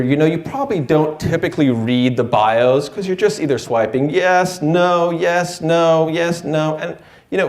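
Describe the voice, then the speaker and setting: A man telling a personal story live, with a wry, self-deprecating delivery. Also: a little high. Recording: echoey room.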